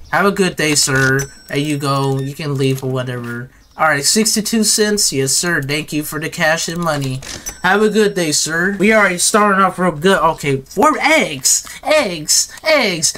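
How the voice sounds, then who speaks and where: A man's voice: fairly high pitch, bright, forceful tone, a little hiss or hum. A man giving casual, rambling gameplay commentary, chatting in slang to his viewers and to the customers in the game.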